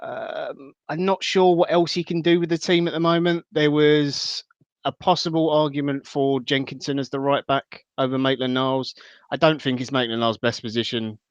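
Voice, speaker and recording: A man talking football as a podcast guest, measured and thinking aloud, over slightly dull call audio. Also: medium pitch, flat delivery, clean tone, no echo. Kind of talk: casual football analysis.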